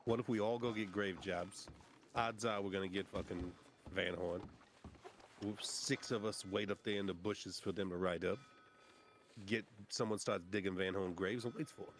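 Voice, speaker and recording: A man plays a blunt, eager outlaw in role-play. His voice is low, and a faint hum runs under it. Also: fairly even intonation, moderate pace. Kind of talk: in-character western role-play.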